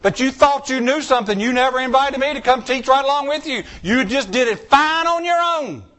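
A man voicing a calm male divine judge who answers a sinner reproachfully. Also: very high voice, fairly quick, pitched above the performer's own voice.

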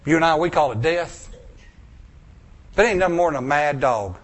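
A male preacher, telling a story in a sermon, acting out voices and swinging from loud bursts to hushed lines. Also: on the high side, animated, moderate pace.

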